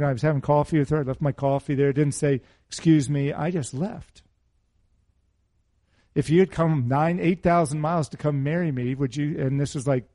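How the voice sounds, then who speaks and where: A man's voice: a little high, dark tone, no room sound. A middle-aged man preaching a sermon, mixing scripture with a personal story and asking his listeners questions in a conversational manner. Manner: conversational, asks the audience questions.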